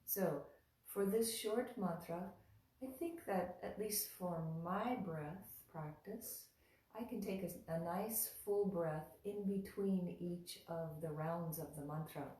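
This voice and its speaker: A woman teaching mantra practice in a calm, unhurried way, drawing out chanted syllables. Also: on the low side, far from the mic. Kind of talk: spoken teaching with slow chanting. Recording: very echoey room, voice from afar.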